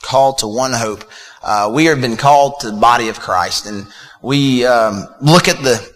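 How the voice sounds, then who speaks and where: A man's voice: medium pitch, normal speed, a bit bright. A man preaching a sermon in a casual, conversational way, with fillers and repeated words. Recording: long reverb of a hall.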